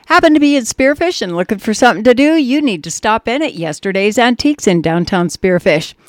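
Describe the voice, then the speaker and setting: A female radio co-host reading ads with an upbeat, brisk promotional delivery. Her voice sits a little high, and the sound is dry and close to the mic. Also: lively intonation, dry recording. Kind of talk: radio ad reads.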